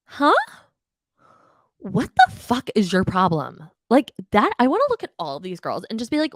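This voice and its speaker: A woman's voice: fairly high pitch, normal speed, no room sound, studio quality. Exasperated chatty woman podcast host. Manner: animated, exasperated, swears freely, mimics cast members. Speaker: podcast host recapping reality TV. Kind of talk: casual opinionated recap.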